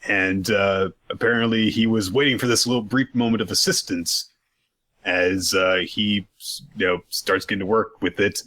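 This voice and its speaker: A man's voice: lowish voice, steady tone, moderate pace, bright, forceful tone. A man co-hosting a casual manga recap chat, joking and laughing as he acts out scenes. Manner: laughing, jokey, acts out quotes. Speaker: podcast co-host.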